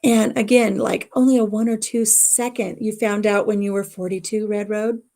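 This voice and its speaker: A middle-aged woman hosting a livestream from home tells her viewers a personal family story in a rambling, emotional, casual way. Her medium-pitched voice is gravelly and dark, with a flat delivery at a moderate pace.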